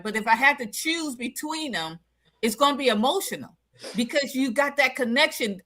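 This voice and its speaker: Bright-voiced blunt woman talk-show host. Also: on the high side. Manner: blunt, emphatic, reads out viewer comments. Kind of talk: casual live-stream chat.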